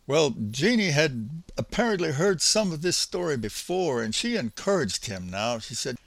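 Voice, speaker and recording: An older man narrating his memories in an unhurried, folksy, reflective way. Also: fairly high pitch, very animated, fairly bright tone, no room sound. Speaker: storyteller. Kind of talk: spoken memoir narration.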